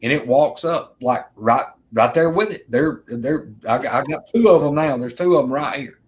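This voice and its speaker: A man from with a mid-pitched voice. He tells a rambling, earnest story straight to his viewers, circling back and repeating himself as he goes. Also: moderate pace, a little hiss or hum. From Alabama, US. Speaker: vlogger telling an encounter. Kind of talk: casual storytelling.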